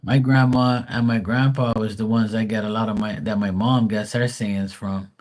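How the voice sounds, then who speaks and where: A man's voice: on the low side, fairly even intonation, moderate pace, darkish tone. A man in his forties chatting casually on a live stream as a tarot reader, rambling and swearing in a laid-back way. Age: 40s.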